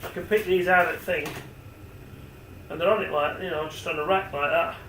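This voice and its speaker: Brief: man, forties, slightly high voice, rambling home cooking demo, echoey kitchen with a faint hum. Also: steady tone, a little fast, fairly bright tone. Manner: rambling, chatty, talks to the camera as he works. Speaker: home cook. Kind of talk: casual cooking demonstration.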